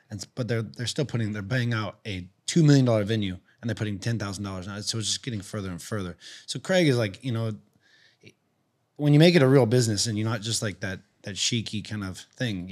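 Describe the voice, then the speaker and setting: A man hosting a podcast, talking in long rambling runs with frequent restarts. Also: lowish voice. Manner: rambling, restarts often, animated storytelling. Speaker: podcast host. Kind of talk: casual podcast chat.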